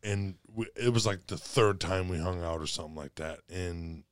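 A young man in easy conversation with a somewhat low voice. He tells loose, swearing stories and laughs his way through them. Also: normal speed, smooth, no echo, clean studio sound. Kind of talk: casual chat.

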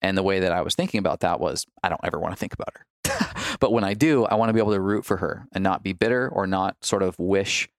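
Deep gravelly man, candid and reflective. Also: fast, no room sound, clean studio sound. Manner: reflective, candid, with frequent restarts and fillers. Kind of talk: candid personal storytelling.

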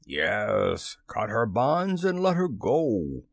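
A man reading a storybook and voicing a cocky boy who mimics a pirate captain with gruff, slow commands. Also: on the low side, wildly swooping pitch, dry recording, clean studio sound, full character voice.

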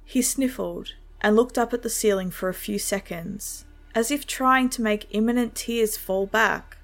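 A woman telling a first-person horror story with steady, measured pacing. Her voice sits at a middle pitch for a woman, even and unhurried. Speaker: narrator.

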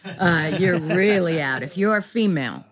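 A woman's voice: on the low side, animated, moderate pace. A woman in her fifties, a guest actress in a casual podcast interview, rambling and self-deprecating with many restarts.

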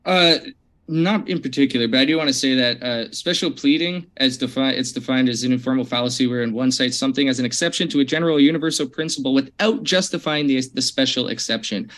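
A man in an online debate, defending his position in a relaxed, hesitant way. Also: mid-range voice, fast talker.

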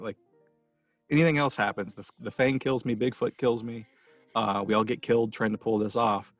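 A man's voice: medium pitch, fairly even intonation, normal speed, no room sound, faint music behind. A man hosting a casual film podcast, talking passionately and rambling with restarts as he gets emotional. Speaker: podcast host.

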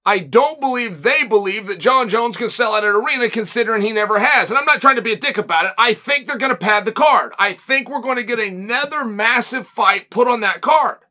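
A man's voice: very high-pitched, pushed and bright. A man hosting his own show, giving blunt, opinionated commentary and firing off rhetorical questions. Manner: rapid-fire rhetorical questions; emphatic and blunt. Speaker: host.

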